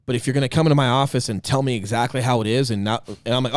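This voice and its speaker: A man co-hosting a casual podcast chat, talking with emphatic passion and swinging between loud bursts and quiet asides. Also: medium pitch, fairly even intonation, very fast, no echo, clean studio sound. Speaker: podcast co-host.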